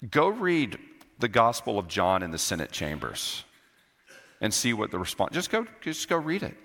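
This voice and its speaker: A male pastor preaching with a lower pitch and a bright, forceful edge. He hammers key phrases by repeating them and drops from loud to low for weight. The sound trails off in the long reverb of a church hall. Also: wildly swooping pitch, moderate pace. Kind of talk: sermon. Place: church sanctuary.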